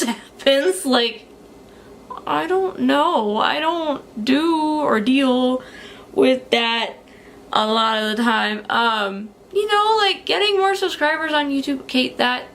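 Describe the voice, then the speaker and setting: A woman's voice: sits high, fairly bright tone, a little hiss or hum. A young woman telling a story in a casual vlog, chatty, with many fillers and frequent laughs. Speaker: beauty vlogger.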